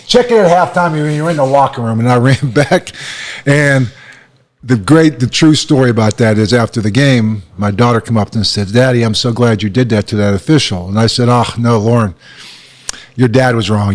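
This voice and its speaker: A man in his sixties telling stories in casual chat, acting out quotes with sudden jumps in pitch. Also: moderate pace. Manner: animated, acts out quotes with sharp rises in pitch. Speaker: guest, former football coach.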